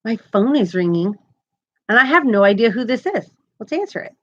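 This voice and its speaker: A woman's voice: a little high, sing-song, normal speed, highs cut off. A woman hosting a crochet live stream, chatting casually and upbeat, often laughing as she talks. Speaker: crochet channel host.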